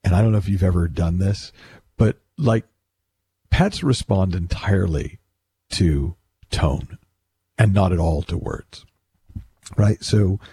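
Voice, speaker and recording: A man with a low, warm, slightly rough voice gives a reflective, conversational monologue about mindset. He talks his way through ideas, restarting often and acting out bits of his own self-talk.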